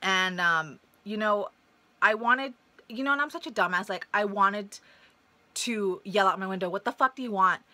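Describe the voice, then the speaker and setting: A young female vlogger animatedly retells a personal story to camera, casual, blunt and full of profanity, performing the voices of the people in it. She speaks in a mid-range voice at a moderate pace, and there's no echo.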